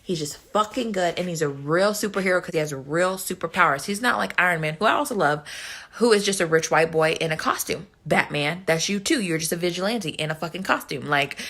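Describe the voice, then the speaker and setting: A young woman ranting casually and profanely to the camera about movies, gushing and excitable. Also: fairly low pitch, a little fast, creaky. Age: young adult. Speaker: vlogger reviewing a movie.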